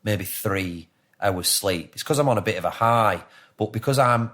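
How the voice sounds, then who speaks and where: This is a man in his thirties with a Lancashire accent, sitting as a guest on a podcast. His voice sits a little low, and he rambles freely, restarting sentences and swearing often. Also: moderate pace, sharp tone. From England. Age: 30s. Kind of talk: casual podcast interview.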